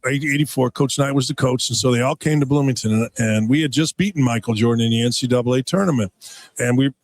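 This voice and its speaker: A man in his sixties, a radio guest and former player, telling rambling, excitable sports stories and stumbling over repeated words. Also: medium pitch, dry recording. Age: 60s. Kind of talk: animated sports radio storytelling. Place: radio row booth at a big game.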